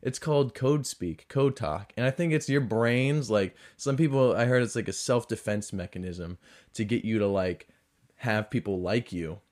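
A man's voice: on the low side, normal speed, a little mellow. A man with a mix of Southern US and Boston accent, hosting a podcast in a rambling, self-mocking storytelling style. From American South and New England. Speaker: podcast host. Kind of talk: casual storytelling monologue.

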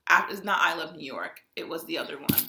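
A woman's voice: low-pitched, creaky, echoey room, background noise. A young woman co-hosting a podcast, chatting casually and reacting expressively. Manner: expressive, reactive, quick to laugh. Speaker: podcast co-host. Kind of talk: casual chat.

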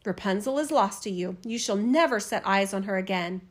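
A woman voicing a wicked old witch who yells and mocks in a storybook reading. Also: mid-range voice, expressive, moderate pace, close to an everyday voice. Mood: mocking. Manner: yelling, mocking. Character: wicked old female witch, spiteful and mocking.

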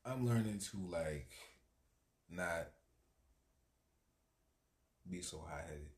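Casting note: man, very low voice, relaxed talker, roomy echo. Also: extremely slow. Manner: laid-back, relaxed, laughs often. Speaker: podcast co-host. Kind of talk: casual chat.

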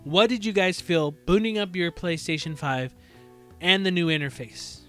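A man's voice: high voice, moderate pace, a bit bright, faint music behind. A man hosting a casual gaming chat, loose and swearing, acting out little exchanges as he goes. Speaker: podcast host.

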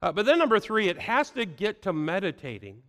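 Male pastor, high voice, earnest sermon, repeats phrases, echoing hall. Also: very animated, fairly quick, a bit bright. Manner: earnest, many "uh" fillers, repeats key phrases.

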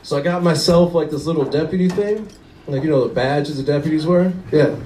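A man's voice: a little high, brisk, mellow, echoey room, recorded from a distance, slight background noise, rough recording. A young man doing a rambling stand-up comedy set, often laughing at his own jokes.

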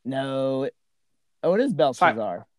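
A man's voice: medium pitch, expressive, unhurried, darkish tone, dry recording, low-quality recording. A man casually discussing a Bible passage as a podcast co-host, rambling with many "right?" and "you know" asides.

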